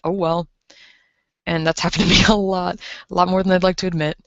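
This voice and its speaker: A woman's voice: on the low side, level tone, fast, no room sound. Rambling young woman, dull lo-fi mic. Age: 20s. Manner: rambling, filler-heavy, reads chat aloud. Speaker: livestreamer. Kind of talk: casual stream chat.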